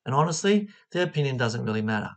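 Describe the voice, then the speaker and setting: A spiritual teacher giving a motivational talk, expressive and asking the listener questions. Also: medium pitch, quick pace.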